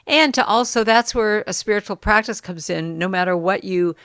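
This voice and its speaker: A middle-aged woman telling stories as a guest in a casual podcast conversation, lively when she quotes others. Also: medium pitch, normal speed, no echo, clean studio sound. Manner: storytelling, animated when quoting others.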